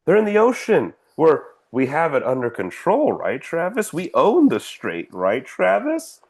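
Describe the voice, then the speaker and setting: A man's voice: on the high side, wildly swooping pitch, measured pace, slightly rough. A man co-hosting a casual podcast, ranting sarcastically and swearing freely. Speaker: podcast co-host. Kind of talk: casual political podcast chat.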